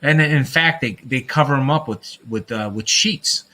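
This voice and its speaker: A man's voice: mid-range voice, normal speed, pushed and bright. A man hosting a casual livestream, talking in a rambling, fired-up way, often breaking into laughter and calling his listeners folks. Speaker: livestream host.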